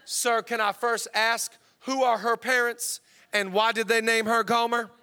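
A man's voice: extremely high pitch, level tone, measured pace, sharp tone, smooth, full character voice. A man voicing an exasperated biblical prophet who stammers and pleads in disbelief. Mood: incredulous.

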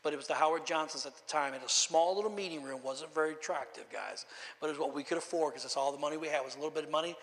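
A man's voice: a little high, rapid-fire, a bit bright. Pastor telling his story in an echoey hall. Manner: storytelling, emotional, repeats words. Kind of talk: sermon testimony.

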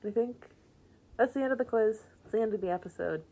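A woman's voice: fairly high pitch, fast talker, mellow, a little hiss or hum. A young woman co-hosting a podcast, easygoing and teasing in casual chat, often restarting her sentences. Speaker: podcast co-host.

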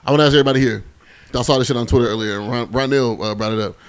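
A man hosting a loose podcast with his friends. He talks fast and jokes loudly as he tells his stories. His voice sits at an ordinary middle pitch. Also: fairly even intonation, clear, resonant tone. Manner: fast, loud, joking storyteller. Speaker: podcast host. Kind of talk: casual group banter.

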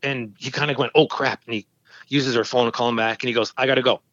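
A man's voice: mid-range voice, fast talker, no echo, lo-fi sound. A man in his fifties, a podcast host, telling stories in casual chat and acting out quotes. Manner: storytelling, animated quoting.

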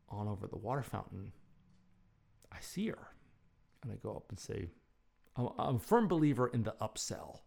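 A man's voice: fairly low pitch, vocal fry, darkish tone. A man telling a casual, rambling story with self-deprecating humor. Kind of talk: casual anecdote.

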